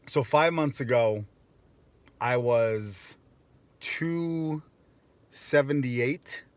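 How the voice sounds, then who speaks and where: A man's voice: medium pitch, no echo. Rambling young American man streaming live. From United States. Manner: rambling, filler-heavy, self-mocking. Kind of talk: casual live-stream chat.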